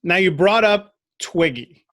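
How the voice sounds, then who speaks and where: A man's voice: sits high, lively intonation, a little slow, a bit bright. A man hosting a casual podcast interview, giving brief, encouraging replies and asking questions. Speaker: podcast host.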